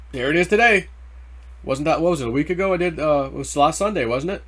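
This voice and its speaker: A man's voice: a little high, husky. A man hosting a casual crypto video, rambling through price talk in loose slang and getting worked up over the numbers. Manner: rambling, excitable, quick to get worked up over price ticks. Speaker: crypto channel host. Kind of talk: casual market commentary.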